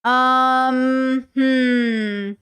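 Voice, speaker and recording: A woman's voice: high voice, steady tone, extremely slow, a bit bright, smooth. A woman hosting a casual reaction podcast, chatting with her live viewers while she scrolls and clicks through clips.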